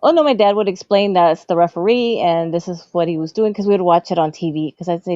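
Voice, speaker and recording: A woman's voice: quick pace, warm tone, no room sound. Woman telling stories, muffled dry sound. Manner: acts out childhood dialogue in a higher voice, laughs often. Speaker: guest. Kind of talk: casual storytelling.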